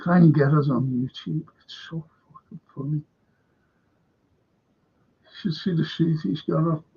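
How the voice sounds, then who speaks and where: A man's voice: fairly high pitch, a little slow, gravelly, warm tone, slightly rough. A man hosting a live football fan show, telling rambling anecdotes, swearing freely and laughing often. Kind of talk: casual live-stream chat. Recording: lo-fi dull audio.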